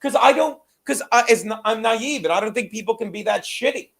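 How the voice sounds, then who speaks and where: High-voiced man, profane and rambling. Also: fairly quick, creaky, a bit bright. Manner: profane, rambling, self-mocking. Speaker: podcast co-host. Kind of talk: casual podcast chat.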